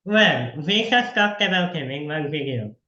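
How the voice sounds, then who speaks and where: A man's voice: a little high, animated, a little slow, pushed and bright, roomy sound, highs cut off. A man interviewing a guest over a video call in a casual, chatty way, laughing often and encouraging the guest.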